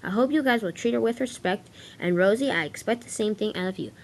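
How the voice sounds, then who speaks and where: A woman's voice: medium pitch, fast, darkish tone, natural voice, rough recording. A woman voicing a formal railway boss who gives his engines orders. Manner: formal, instructing. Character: stern railway controller man in charge.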